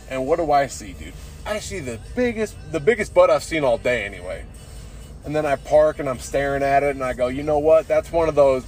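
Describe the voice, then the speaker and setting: A slightly high-voiced man rambles through a podcast monologue after a few beers, tipsy and loose. He swears freely and drops "dude" into almost every sentence. Faint music sits behind him. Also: a little mellow. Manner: profane, says "dude" constantly. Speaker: podcast host.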